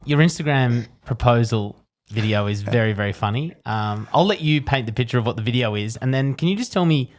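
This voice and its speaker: A man hosting an interview podcast, asking relaxed questions and sharing his own stories. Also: medium pitch, fairly quick, few pauses. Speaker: podcast host.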